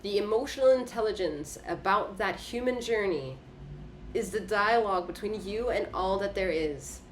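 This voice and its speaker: At a normal speed, this woman's mid-range voice is expressive, with a little hiss or hum on the recording. She delivers a casual spoken tarot reading, profane and emphatic, repeating short phrases for impact and laughing along the way.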